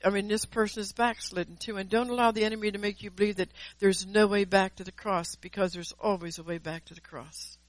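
A woman's voice: medium pitch, fairly even intonation, brisk, hardly any pauses. An earnest woman delivers a devotional sermon with a mid-range voice. She presses her points home by repeating key words. Her voice sounds close and dry, with no room echo. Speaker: preacher. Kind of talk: devotional sermon with personal testimony.

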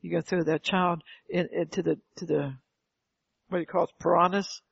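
Older woman preacher, fervent sermon delivery, gravelly and husky, heard on a dull lo-fi recording. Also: fairly low pitch, fairly even intonation, brisk, no room sound. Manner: fervent, calls out "Amen" and rhetorical questions. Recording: dull lo-fi, dry sound.

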